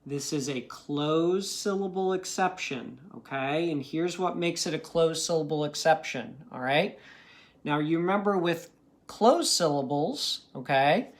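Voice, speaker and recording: A man talks slowly and patiently through a phonics lesson for young students. He takes his time, sounds out each letter and word with care, and keeps checking in with a gentle "okay?" after almost every point. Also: a little high. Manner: slow, patient, ends most sentences with a checking "okay?"; sounds out words and letters carefully. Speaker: teacher.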